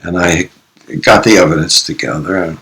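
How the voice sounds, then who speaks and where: A man who is a psychologist and author, a podcast guest telling his stories in an animated way and acting out the quotes. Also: sits low, normal speed, rough recording. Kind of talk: storytelling interview.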